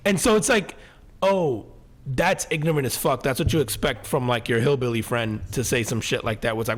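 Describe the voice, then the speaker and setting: Podcast co-host, man, casual and profane, mimics quotes with animated delivery. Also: medium pitch, fairly quick. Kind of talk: casual chat.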